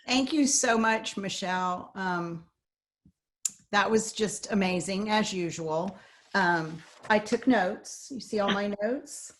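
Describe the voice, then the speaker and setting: A woman hosting a webinar, thanking the speaker and reading out audience questions with relaxed fillers. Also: mid-range voice, slow. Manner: warm, laughing, relaxed fillers. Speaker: webinar host. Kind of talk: casual moderating.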